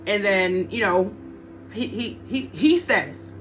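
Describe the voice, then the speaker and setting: A woman's voice: mid-range voice, lively intonation, slow pace, a bit bright, a little hiss or hum. A woman giving a casual tarot reading to her viewers, blunt and profane, often repeating her points for emphasis. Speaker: tarot reader.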